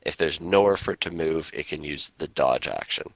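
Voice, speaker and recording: A man's voice: very deep voice, normal speed, dry recording. A man playing a tabletop game, eagerly reading out the rules at length. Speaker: player.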